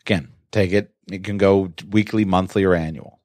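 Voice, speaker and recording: A man's voice: fairly even intonation, normal speed, darkish tone, no room sound, studio quality. A man giving a conversational talk on personal finance, sometimes acting out his own surprised inner voice. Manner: conversational, acts out mock-shocked self-talk with rising pitch. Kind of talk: explanatory solo talk.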